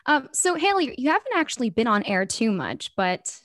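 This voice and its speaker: A woman's voice: a little high, sing-song, moderate pace, fairly bright tone, no echo, clean studio sound. Giggly young woman hosting college radio. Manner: giggly and self-deprecating. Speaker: radio host and station manager. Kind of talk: casual radio chat.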